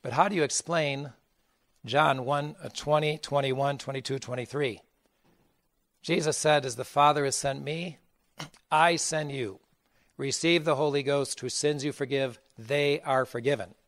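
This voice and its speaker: A man's voice: mid-range voice, steady tone, unhurried, fairly bright tone, no room sound. A man, a bishop giving a conference sermon, who talks with emphasis, asks rhetorical questions and acts out the voices he quotes.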